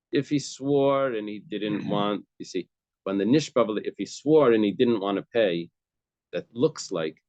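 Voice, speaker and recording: In a daf yomi Talmud class, a man explains each case step by step and repeats key phrases. His voice sits on the low side, with no room sound, in a dull, dry lo-fi recording.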